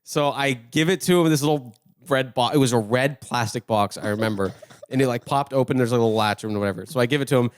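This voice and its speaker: A man's voice: medium pitch, quick pace, clear, resonant tone. A young man co-hosting a podcast, telling a story in casual chat, swearing often and laughing as he goes. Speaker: podcast co-host.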